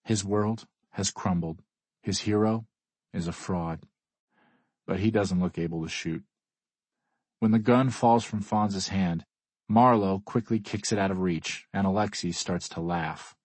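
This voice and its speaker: Deep husky male audiobook narrator. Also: a little slow, a little mellow, no echo. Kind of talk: scripted first-person narration.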